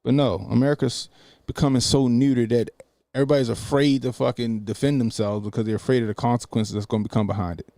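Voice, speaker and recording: A man's voice: medium pitch, steady tone, fast, warm tone, dry recording. A man hosting a live stream, giving blunt, profane commentary on a video clip he is about to play. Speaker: host. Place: studio.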